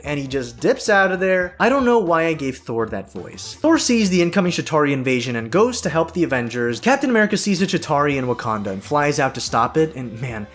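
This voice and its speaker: A man's voice: a little high, big pitch swings, fairly quick, hardly any pauses, faint music behind. A man hosting a casual film recap, sarcastic and joking, with frequent swearing. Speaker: video essay host.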